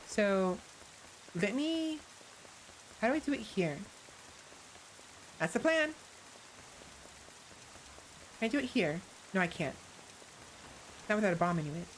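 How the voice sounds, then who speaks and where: A woman's voice: medium pitch, big pitch swings, a little slow, long pauses, a little hiss or hum, rough recording. A woman streamer talking casually to her viewers while she plays a game. She rambles, corrects herself and greets viewers by name. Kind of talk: casual live-stream gaming chat.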